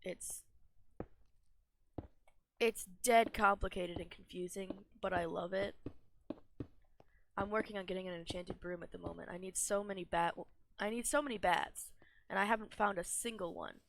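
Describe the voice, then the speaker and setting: Gravelly young gamer rambling casually. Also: medium pitch, fairly even intonation, normal speed, long pauses, a bit bright, slight background noise. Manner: rambling, self-deprecating, laughs often. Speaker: gaming streamer. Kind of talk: casual gameplay commentary.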